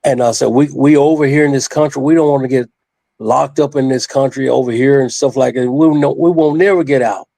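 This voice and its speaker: A man's voice: mid-range voice, steady tone, fairly quick, gravelly, dark tone, no room sound. An older man, a retired wrestler, tells a long story as a guest in a studio interview. He rambles and stresses his points, restarts often and repeats his phrases.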